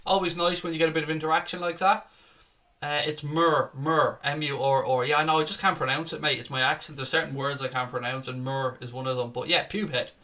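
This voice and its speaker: A man's voice: on the high side, steady tone, fast, pushed and bright. A man hosting a casual live stream, chatting, swearing freely and reading out viewer comments.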